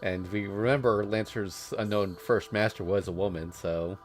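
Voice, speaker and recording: A man streamer chatting casually about a visual novel, relaxed with chuckles. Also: fairly low pitch, normal speed, faint music behind.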